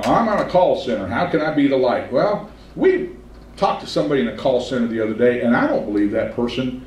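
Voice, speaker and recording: Male pastor, folksy sermon delivery, drawn-out emphasis, distant mic in a reverberant sanctuary. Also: medium pitch, a little mellow, a little hiss or hum. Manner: folksy storytelling, slows for emphasis. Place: church sanctuary. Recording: roomy church sound from a distance.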